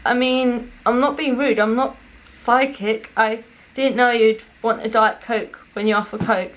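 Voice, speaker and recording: A woman's voice: fairly high pitch, steady tone, unhurried. A young woman, casually telling stories to camera at home in a rambling, self-correcting way. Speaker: vlogger.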